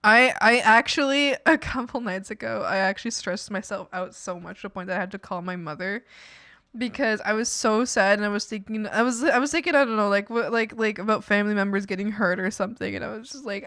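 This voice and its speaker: Drawing on a livestream, this young adult art streamer chats casually, laughing often, giggly and emotional, and often trails off and starts sentences over. Her mid-range voice is a bit bright at a normal speed, in a dry, studio-quality recording.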